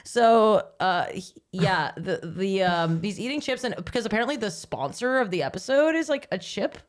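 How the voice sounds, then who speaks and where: A woman's voice: medium pitch, animated, moderate pace. A woman co-hosting a casual rewatch podcast, chatty and giggly, swearing now and then. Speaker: podcast co-host.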